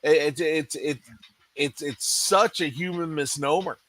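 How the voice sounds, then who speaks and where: A man's voice: fairly high pitch, a little slow, fairly bright tone, no room sound. A man co-hosting a salon industry podcast, ranting in casual chat with frequent restarts. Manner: ranting, many restarts and "you know". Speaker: podcast co-host.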